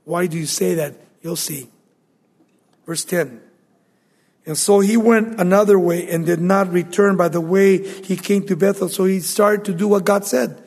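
High-voiced preacher teaching scripture. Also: male voice, normal speed, darkish tone, slightly rough, in a large hall. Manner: reads scripture aloud then comments, rising to emphatic proclamation. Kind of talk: Bible teaching.

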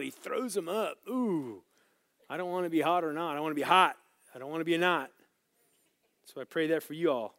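A man teaching a Bible lesson as a sermon, swinging between loud, emphatic scripture reading and quiet, casual asides to his listeners. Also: fairly high pitch, brisk, long pauses, no echo, studio quality. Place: church room with small group.

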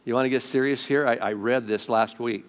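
Animated male pastor preaching a sermon. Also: mid-range voice, a little fast. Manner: animated, swinging between loud emphasis and quiet asides; talks directly to the congregation, asking questions. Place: church sanctuary before a congregation.

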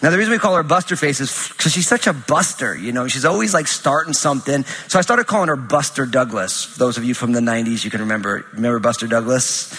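A man's voice: medium pitch, lively intonation, fast talker, few pauses, pushed and bright, breathy edge. A man giving a sermon in a church, talking casually and telling funny family stories with lots of fillers. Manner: conversational, humorous storytelling with many fillers. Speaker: pastor. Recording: reverberant hall sound.

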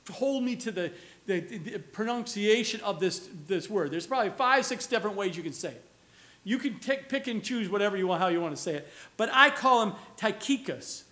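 A man's voice: sits high, a bit bright. A man preaching a conversational sermon, earnest and putting rhetorical questions to his listeners.

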